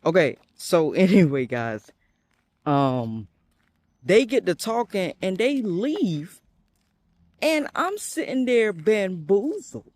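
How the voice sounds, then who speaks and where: A young man telling a story while walking outdoors, chatty and animated, with nervous asides. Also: sits high, slow pace, dry recording. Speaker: vlogger. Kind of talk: casual story-time vlog.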